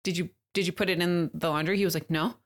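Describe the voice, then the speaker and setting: A woman's voice: lowish voice, fairly even intonation, fast talker. A woman co-hosting a casual couple's podcast, exasperated and swearing freely as she argues and laughs with her partner. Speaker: podcast co-host.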